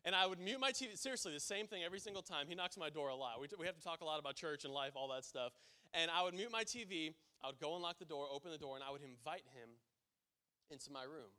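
Man, preacher, sermon, high voice, storytelling turning emphatic. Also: expressive, fast talker, bright, forceful tone.

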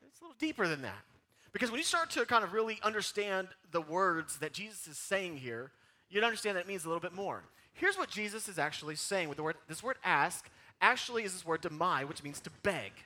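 A high, bright-toned man preaching with wide swings in pitch. He talks in an animated, emphatic way and coaxes the congregation to say lines back to him, sometimes pleading. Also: brisk. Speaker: pastor. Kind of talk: sermon.

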